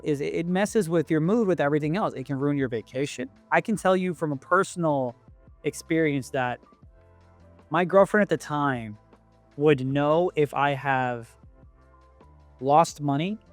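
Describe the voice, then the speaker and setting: A man's voice: on the high side, moderate pace, no echo, faint music behind. A man hosting a podcast, chatting casually and sharing a personal story. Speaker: podcast host. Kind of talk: casual chat.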